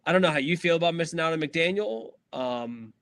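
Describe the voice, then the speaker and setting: Hiccuping as he goes, this co-host of a sports podcast rambles casually, piling on fillers and correcting himself mid-thought. He talks fairly fast in a fairly high, slightly bright voice with vocal fry and lively intonation, and the recording is dry.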